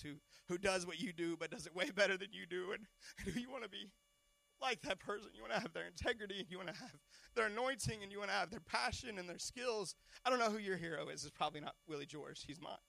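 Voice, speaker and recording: A man in his thirties preaching a storytelling sermon, animated and stumbling over repeated words. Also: high-pitched, vocal fry, no echo. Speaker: pastor.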